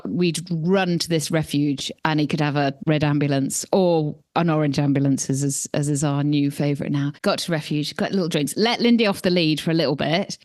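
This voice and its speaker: This podcast co-host, a woman in her forties, has a low, slightly mellow voice recorded without echo. She chats casually, tells stories in a conversational way, and laughs a lot.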